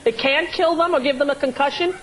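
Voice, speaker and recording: A woman's voice: sits high, quick pace. A woman hosting a talk show, chatting with a guest in a teasing, joking way. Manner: teasing, dry jokes. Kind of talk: casual chat. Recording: TV studio with laughing audience and noise.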